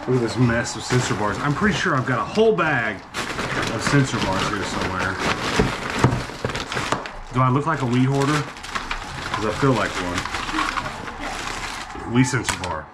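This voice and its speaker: A man talks through his home vlog in a chatty, lively way, his pitch rising and falling freely as he sets things up and talks to a small child. His voice is mid-pitched. There is steady noise in the background. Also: moderate pace, long pauses. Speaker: vlogger. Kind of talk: casual vlog chat.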